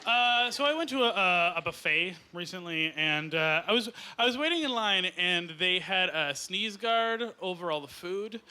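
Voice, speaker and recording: Canadian guy doing standup, high voice jumping all over, crowd laughing loud in the club. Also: normal speed, few pauses. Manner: deadpan, rambling with many uhs and lively jumps in pitch. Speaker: stand-up comedian. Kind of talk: stand-up comedy set. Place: comedy club stage with a live audience. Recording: live club recording with loud audience laughter and ambient noise. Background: audience laughing and applauding.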